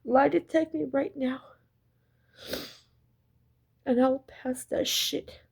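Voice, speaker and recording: This woman speaks slowly in a high-pitched voice with vocal fry and fairly even intonation. A spiritual storyteller, she talks straight to her audience in a casual story-time monologue, swearing, repeating herself, and sounding intense and emphatic.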